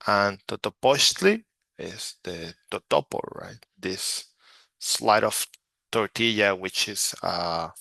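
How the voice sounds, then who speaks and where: A man's voice: low-pitched, vocal fry, pushed and bright, no room sound. A man from Mexico teaching Spanish vocabulary from slides, repeating each word patiently so learners can practice. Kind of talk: slide-based language lesson.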